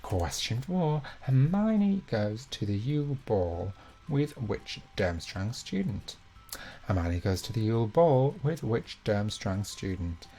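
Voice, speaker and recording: A man's voice: fairly low pitch, big pitch swings, slow, warm tone. A young man hosting a live online quiz, reading each question twice and filling the gaps with chatty, self-mocking asides. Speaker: quiz host.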